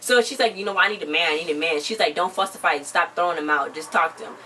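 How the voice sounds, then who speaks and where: A woman's voice: on the low side, fast talker, sharp tone. A woman chatting casually as co-host of a TV recap channel, retelling scenes by acting out what people said. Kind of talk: casual chat recapping a reality show. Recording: distant mic with faint background noise.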